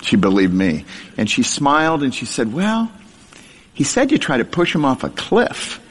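A man's voice: medium pitch, wildly swooping pitch, moderate pace, noisy background. A middle-aged man delivers a storytelling sermon to a live congregation. He jokes at his own expense and laughs through his lines. His voice rings with a long reverb from a large hall. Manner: self-deprecating humor, laughs through lines. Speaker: speaker sharing a testimony.

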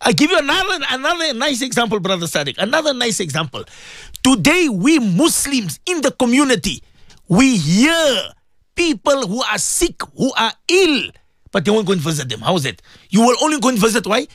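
A man delivers an impassioned religious radio talk in a high voice that leaps up and down. He preaches fervently, repeats his points and calls out to his listeners again and again. The sound is dry, with no room echo. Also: sing-song, moderate pace, a bit bright. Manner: fervent, repetitive, preachy, addresses listeners directly. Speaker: Islamic radio presenter and maulana.

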